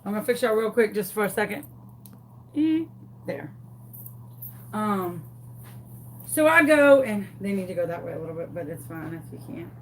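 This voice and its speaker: A woman, hosting a craft tutorial and telling a story to her viewers in a dramatic, animated, casual way. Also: medium pitch, moderate pace, long pauses, a little hiss or hum.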